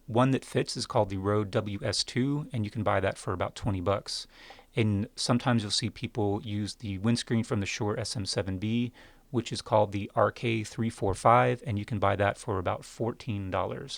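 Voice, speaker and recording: Speaking close into a studio dynamic mic at home, a man with a low, gravelly voice demos podcast microphones at normal speed. His review is casual and wry, laid out step by step, on a dry recording.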